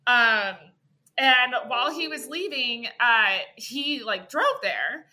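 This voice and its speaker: A young woman, a podcast guest, telling an animated story in casual chat, full of filler words. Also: fairly high pitch, slow.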